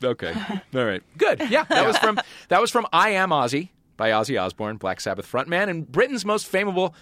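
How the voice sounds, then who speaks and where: A man hosting a comedy panel quiz, joking in quick asides and laughing at his own lines. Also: fairly high pitch, wildly swooping pitch, pushed and bright, no echo. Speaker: quiz host.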